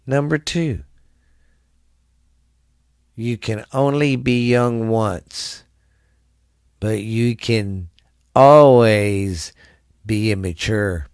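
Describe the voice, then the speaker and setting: A man's voice: lowish voice, drawn-out words, long pauses, darkish tone, clear, resonant tone, no echo, studio quality. A tired man hosting his own podcast in loose, rambling, crude casual chat, coughing and trailing off. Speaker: podcast host.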